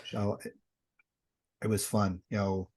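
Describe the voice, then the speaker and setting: The middle-aged man's voice is fairly low, darkish and slightly rough, with a flat, slow delivery. A guest on a podcast and a paranormal investigator and author, he casually tells sarcastic, wry stories while acting out the dialogue.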